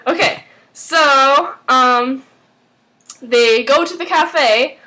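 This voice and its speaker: A woman's voice: high-pitched, extremely slow, bright, forceful tone. A woman casually recapping a TV episode, rambling with lots of fillers. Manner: rambling, full of "like" and "um". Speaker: TV recap vlogger.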